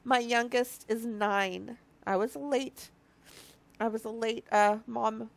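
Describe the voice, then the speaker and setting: This marriage ministry speaker, a woman in her early fifties, has a fairly high, creaky voice with a steady tone and a slow delivery. Her devotional talk to viewers is earnest and confessional; she sounds close to crying and keeps restarting sentences.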